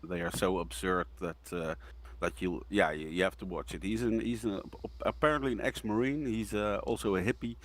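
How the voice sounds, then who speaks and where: A man co-hosting a casual live chat, giving a recommendation in a halting way with many pauses. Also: sits low, fairly even intonation. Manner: halting, with many ums and restarts. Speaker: co-host.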